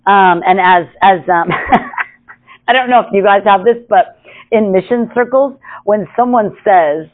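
A woman's voice: mid-range voice, unhurried. A woman teaching a casual Bible study, chatty, with many asides and laughs. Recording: tinny phone-like sound.

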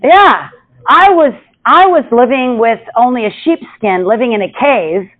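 A woman's voice: on the high side, expressive, a little slow. A woman voicing an indignant ancient male martyr who exclaims in disbelief. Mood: incredulous. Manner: exclaiming, incredulous. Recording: tinny phone-like sound.

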